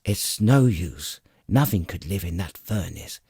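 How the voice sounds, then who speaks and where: A man's voice: low-pitched, expressive, unhurried, darkish tone, breathy edge, dry recording, clean studio sound, full character voice. A man voicing a stern, urgent knight. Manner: urgent, commanding. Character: stern, determined male knight. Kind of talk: audiobook character voice.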